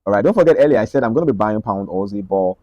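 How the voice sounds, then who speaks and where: Man, low voice, rapid chart walkthrough, dry close sound. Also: animated, dry recording, muffled recording. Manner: rapid, repetitive, checks in with "right?" and "okay?". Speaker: trading analyst. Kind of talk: screen-share market analysis.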